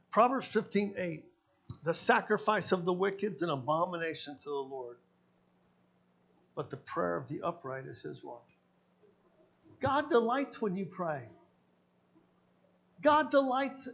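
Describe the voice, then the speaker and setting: Gravelly-voiced man preaching. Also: on the high side, a bit bright. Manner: storytelling, acting out his own quoted dialogue. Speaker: pastor. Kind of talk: sermon with personal stories.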